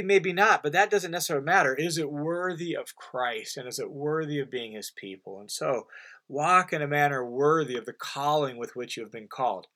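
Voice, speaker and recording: Bright, earnest male Bible teacher. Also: fairly high pitch. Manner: earnest, emphatic, explains verse by verse; conversational asides and fillers. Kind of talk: recorded Bible commentary lesson.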